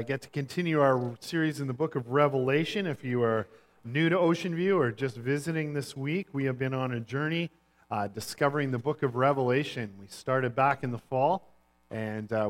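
A male pastor preaching a sermon in a relaxed storytelling way, with frequent fillers. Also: mid-range voice.

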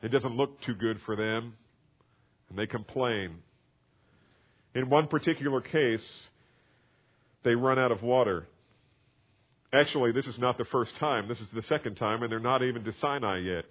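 A man delivers an expository sermon in a mid-range voice, walking listeners through a scripture passage. He explains calmly, then builds into emphatic, raised passages. The recording sounds slightly muffled. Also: medium pitch, moderate pace, pauses often. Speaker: preacher. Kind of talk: sermon, expository Bible teaching.

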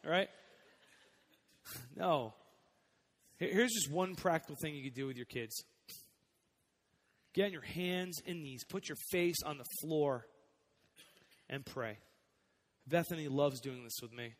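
A young male pastor delivers a sermon in a chatty, personal way, his slightly high voice dropping quiet and then swelling on key points. The sound carries a long reverb, like a large church sanctuary. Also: measured pace, long pauses. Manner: conversational preaching, swings between soft and emphatic.

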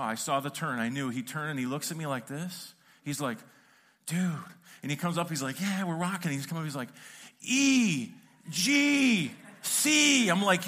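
A man's voice: fairly high pitch, a bit bright. A middle-aged man preaching a sermon from a church stage, telling stories with humor and acting out his own quoted lines. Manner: storytelling with acted-out quotes and humor. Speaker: pastor.

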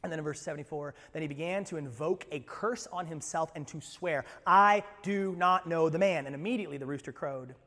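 A man preaching a sermon as pastor, animated, swinging from loud bursts to quiet low asides. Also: brisk, few pauses, big-room sound. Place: church sanctuary.

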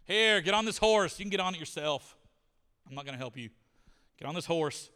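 A man preaching a sermon in a church, retelling a story with animated voices for the characters. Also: on the high side, fairly quick, clean tone. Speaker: pastor. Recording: reverberant church hall.

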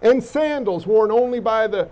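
A man's voice: sits high, lively intonation, moderate pace, warm tone, muffled recording. A man preaching a sermon with allergy congestion, talking conversationally and asking the congregation questions. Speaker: pastor.

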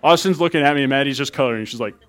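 A man in his thirties, a pastor giving a sermon in an animated, conversational way, acting out little asides. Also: medium pitch, rapid-fire, some chatter behind.

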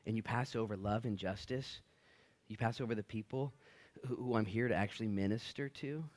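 A man preaching a sermon as pastor, conversational and animated, often acting out the people he quotes. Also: on the low side, a little fast. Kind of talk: expository sermon.

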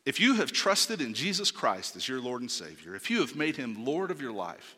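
A man preaching a sermon as pastor, emphatic, swinging from soft, low phrases to loud exclamations. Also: sing-song, moderate pace, husky. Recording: long hall reverb.

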